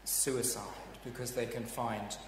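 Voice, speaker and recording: Male preacher, unhurried, dramatic swings from hushed to loud, big echoey church sound. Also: medium pitch, flat delivery, background noise. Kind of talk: sermon. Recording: echoey hall, heard from a distance.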